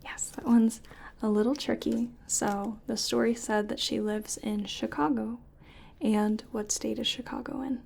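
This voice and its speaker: A woman slips into a whispered role-play as a gentle clinician, her voice airy and breathy. She speaks slowly and patiently, guiding each step with care. Her tone stays mellow and a touch high. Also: level tone. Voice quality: soft whispering. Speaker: ASMR artist playing a clinician giving cognitive tests.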